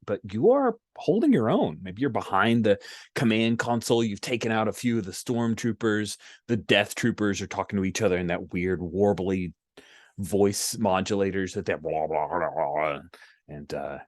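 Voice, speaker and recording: A man runs a tabletop role-playing game in an easygoing, chatty way, often checking that his players are on board. His voice sits low and sounds dry and close. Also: lively intonation, moderate pace, dry recording. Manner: casual, chuckling, checks in with players. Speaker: game master. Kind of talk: running a tabletop game online.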